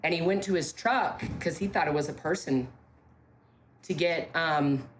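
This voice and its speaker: A woman from a ranch telling ghost stories in casual talk, emphatic, with halting restarts and key phrases repeated. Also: low voice, slight background noise. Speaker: ranch staff member interviewed about ghost stories. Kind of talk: casual spoken storytelling.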